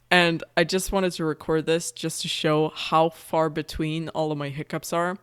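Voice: medium pitch, measured pace, fairly bright tone, smooth. A person with the hiccups, casually recording themselves and laughing often between hiccups. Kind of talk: casual self-recorded vlog.

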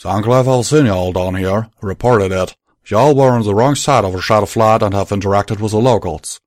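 Man doing a drawling gruff pony gunslinger. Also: lowish voice, normal speed, no echo, studio quality, lightly acted. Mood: firm. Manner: firm, blunt, drawling. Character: gruff male pegasus stallion gunslinger, drawling.

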